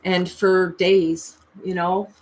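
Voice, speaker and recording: A woman in her thirties telling a personal story in a confessional vlog, emotional and earnest, with pitch jumping high as she recalls pleading. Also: flat delivery, slow pace, a little mellow. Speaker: tarot reader and vlogger.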